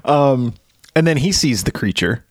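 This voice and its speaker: Podcast co-host, man, animated and playful, dry close-miked sound. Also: medium pitch, a little slow, no room sound. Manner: jokey, acts out film characters, laughs a lot. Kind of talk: casual chat.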